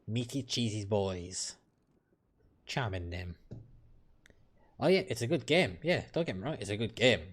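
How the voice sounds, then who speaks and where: A man's voice: lowish voice, expressive, a little slow, long pauses, husky. A British man streaming a game late at night, chatting with viewers in a blunt, opinionated and profane way. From United Kingdom. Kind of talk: casual live-stream chat while playing.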